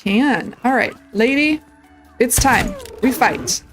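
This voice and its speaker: A woman casually commentating her survival game playthrough, chatting to the creatures on screen and breaking into excited yelps. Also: fairly high pitch, slow, music in the background, rough recording. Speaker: gameplay streamer. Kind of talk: casual let's-play commentary.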